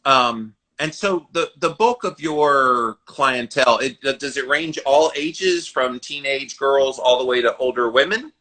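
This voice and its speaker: A man with a bright, forward voice hosts a podcast interview. He talks in a chatty way, laughs easily and strings his questions out at length. His pitch is mid-range for a man. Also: measured pace, hardly any pauses, poor audio. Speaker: podcast host.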